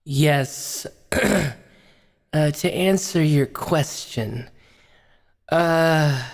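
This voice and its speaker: A man voicing a self-righteous woman pundit in a comedy sketch, preachy and repeating one word, in an echoey hall. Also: fairly high pitch. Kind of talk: comedy sketch role-play.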